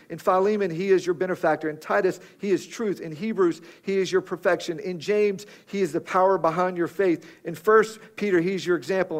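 Male preacher, emphatic rhythmic sermon delivery, fairly high voice. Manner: rhythmic, emphatic preaching with direct appeals to listeners.

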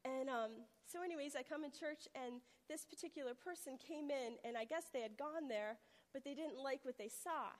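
A woman's voice: sits high, normal speed, long reverb tail. A woman preaching a testimony sermon, telling a personal story earnestly and acting out the voices in it. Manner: earnest storytelling, acts out quotes with rising intensity.

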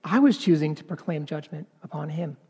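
A man preaching a sermon in an earnest, halting way, repeating words and then building to emphatic passages. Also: on the high side, animated, a little mellow, slightly rough, big-room sound.

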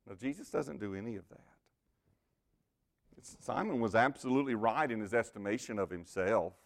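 A man preaching a sermon who addresses his congregation directly. He drops to hushed, near-whispered lines and then rises into loud, emphatic bursts, with a middle-pitched voice throughout. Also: expressive, moderate pace, vocal fry. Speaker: pastor.

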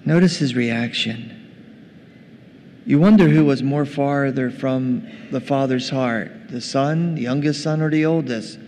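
A man's voice: medium pitch, a little slow, dark tone. A man preaching a sermon in a church, in a conversational way, talking directly to his congregation. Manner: conversational, addresses the congregation as gang. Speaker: pastor. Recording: long reverb, faint noise.

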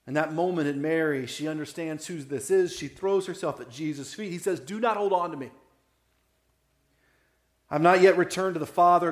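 A man preaching a conversational sermon as a pastor, often checking in with "right?" and dropping soft and low for emotional moments. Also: echoey room.

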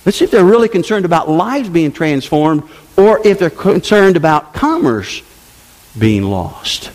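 A man preaching a sermon to his congregation, with conversational asides, dropping to low murmurs and rising to loud exclamations. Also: big pitch swings, measured pace. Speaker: pastor.

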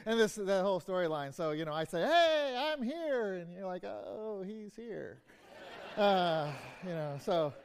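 High-voiced man preaching as a guest. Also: clean tone. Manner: halting with frequent restarts and fillers. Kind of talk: sermon.

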